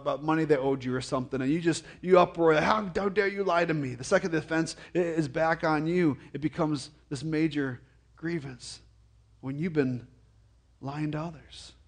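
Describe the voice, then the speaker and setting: A man preaching a conversational sermon as a pastor, often repeating and stumbling over words, with jokey, animated asides. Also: fairly high pitch. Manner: frequent stammered repetitions.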